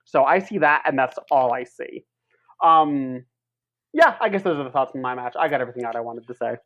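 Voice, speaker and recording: A man's voice: medium pitch, lively intonation, brisk, phone-quality sound. A man co-hosting a wrestling podcast in a casual chat, ranting heatedly and swearing as he talks.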